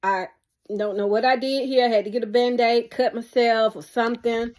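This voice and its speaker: A woman's voice: fairly high pitch, fairly even intonation, normal speed, a little mellow. Chatty woman vlogging from her closet. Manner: chatty, laughs often, keeps calling viewers "y'all". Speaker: DIY home vlogger. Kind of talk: casual vlog chat to viewers. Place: small indoor walk-in closet at home. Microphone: camera on a selfie stick or mini tripod.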